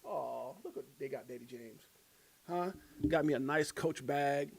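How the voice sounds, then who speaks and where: A man's voice: mid-range voice, a little slow, gravelly, husky. A middle-aged man hosting a casual livestream, rambling, chuckling often and reading posts aloud. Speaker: crypto livestream host.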